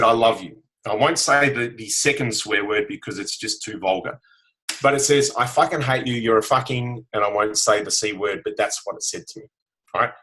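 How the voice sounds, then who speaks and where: A man's voice: lowish voice, a bit bright, low-quality recording. A man, giving a frank, earnest motivational talk as a guest over a video call. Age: 40s. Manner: earnest, frank, frequent "right?" tags. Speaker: guest self-help speaker.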